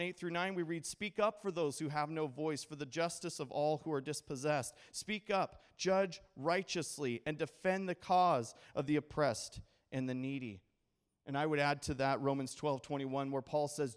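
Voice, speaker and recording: A male pastor from Idaho delivers a sermon in a high, light voice. He talks to the congregation directly, tossing out questions for them to answer and slipping in jokes between scripture readings. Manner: conversational preaching with call-and-response questions and humor.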